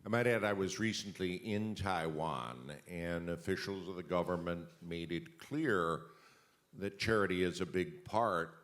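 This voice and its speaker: A journalist moderating a conference panel, speaking in a deliberate, emphatic way. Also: male voice, deep voice, fairly bright tone.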